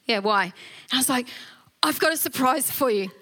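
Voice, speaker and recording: Middle-aged woman, high bright voice, chatty storyteller who laughs a lot and restarts often. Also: moderate pace. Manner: animated, laughs often, many fillers and restarts. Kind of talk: casual storytelling testimony.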